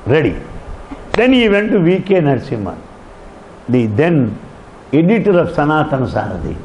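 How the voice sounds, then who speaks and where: A man's voice: fairly high pitch, normal speed, slight background noise. A man giving a devotional discourse, telling stories with emphatic repetition. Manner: animated storytelling with emphatic repetition. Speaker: spiritual speaker. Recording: dull lo-fi recording.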